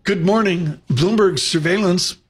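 High-voiced, wry male radio host. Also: unhurried, a little hiss or hum. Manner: wry, joking. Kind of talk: casual on-air banter.

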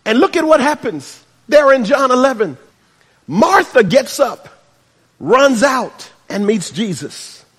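A man preaching a sermon, swinging between shouts and hushed asides and adding humorous remarks. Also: extremely high pitch, sing-song, slow, slightly rough. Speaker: pastor. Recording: reverberant hall.

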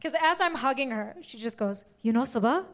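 A young woman performing a stand-up set, telling stories in an animated way with sudden shouted outbursts. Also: fairly high pitch, brisk. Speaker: stand-up comedian.

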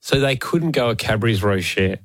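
A man, co-hosting a casual chat with quick, playful interjections. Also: on the low side, expressive, a bit bright, no echo, studio quality. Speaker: podcast co-host.

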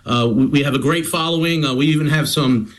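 An upbeat male personal trainer on a call-in, chummy and eager to promote. His voice sits a bit higher than most men's. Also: a little fast, rough recording. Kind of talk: casual radio interview.

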